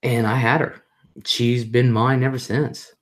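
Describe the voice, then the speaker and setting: A middle-aged woman with a bass voice hosts a casual live stream at a measured pace, her pitch barely moving. She reads viewer comments aloud and chats through family stories, repeating herself for emphasis and mimicking voices as she retells family moments.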